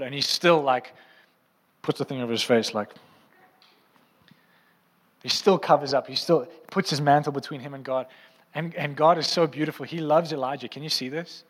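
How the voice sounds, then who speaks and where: A man preaches in a church hall with a long, ringing reverb, and his voice sits a little high. He talks in a conversational way and keeps asking the congregation whether they are following him. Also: a little fast, fairly bright tone. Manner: conversational, asks the crowd often. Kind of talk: sermon.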